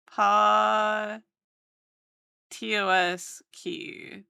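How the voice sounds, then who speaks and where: A woman's voice: mid-range voice, measured pace, pushed and bright, smooth, no echo, clean studio sound. A woman streamer chatting casually with her live chat while drawing, playful and teasing, often repeating words.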